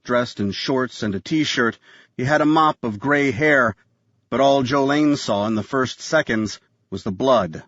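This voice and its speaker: A man's voice: medium pitch, a little slow, a bit bright, dry recording. Male audiobook narrator, tense thriller delivery, dull dry studio sound. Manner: tense thriller reading, voices characters.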